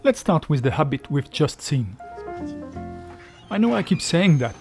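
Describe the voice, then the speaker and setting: A man hosting a travel video, giving scripted narration in a lively, explanatory way with faint music behind. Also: a little high, a little slow.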